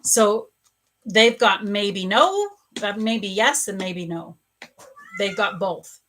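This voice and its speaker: A woman psychic medium giving a live reading at home, gently sympathetic, halting with pauses and fillers. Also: medium pitch, lively intonation. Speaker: spiritual coach and psychic medium. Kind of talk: live psychic reading answering viewers' questions.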